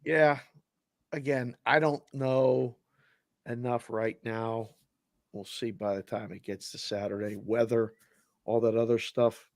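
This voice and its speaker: A man's voice: medium pitch, fairly even intonation, unhurried, no echo, studio quality. Wry, teasing man on a betting podcast. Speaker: co-host. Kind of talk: casual sports betting chat.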